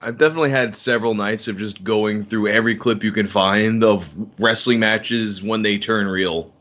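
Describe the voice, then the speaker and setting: A relaxed man guesting on a podcast, telling rambling stories with casual swearing. His voice is on the low side and comes through dull and lo-fi. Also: moderate pace. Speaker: podcast guest, online video maker.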